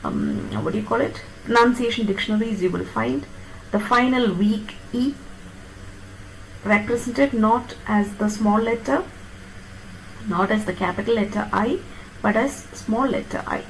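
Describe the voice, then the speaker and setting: A woman with a fairly high, gravelly voice teaches a phonetics lesson. She explains step by step and keeps checking that her listeners follow. Faint noise sits under the recording. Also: very animated, unhurried, rough recording. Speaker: phonetics lecturer. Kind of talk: classroom lecture on pronunciation.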